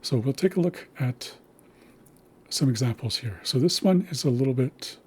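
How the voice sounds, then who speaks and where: A man giving a recorded language lesson, patiently explaining and slowly repeating consonant sounds. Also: medium pitch, expressive, a little mellow, breathy edge. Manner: patient, slow demonstrations of sounds. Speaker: language teacher.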